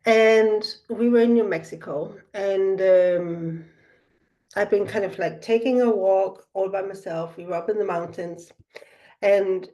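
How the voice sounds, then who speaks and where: Soft-spoken woman telling a personal story. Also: mid-range voice. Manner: soft-spoken, meandering, with frequent fillers.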